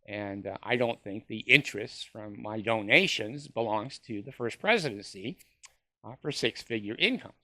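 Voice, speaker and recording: A man's voice: on the low side, lively intonation, normal speed, sharp tone, no echo, studio quality. A man ranting in a sarcastic monologue, mocking with short laughs and stumbling over fillers. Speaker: former church member ranting to camera.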